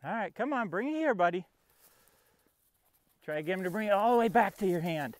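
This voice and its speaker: A man with a high, expressive voice talks fairly quickly in a dry recording. He coaxes and talks to his puppy during a training session in a field, explaining each step for a casual vlog and narrating between commands.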